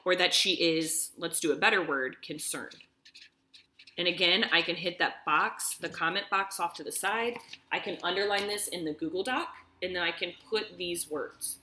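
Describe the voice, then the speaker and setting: A woman's voice: lowish voice, moderate pace, bright, forceful tone, a little hiss or hum. A woman teacher reading a story aloud and explaining it step by step, often checking in with "okay?". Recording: echoey room.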